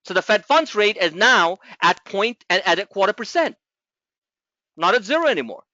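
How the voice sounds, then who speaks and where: A man coaching a trading group, explaining markets in an animated, rambling way with many restarts. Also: high-pitched, moderate pace, no echo, lo-fi sound.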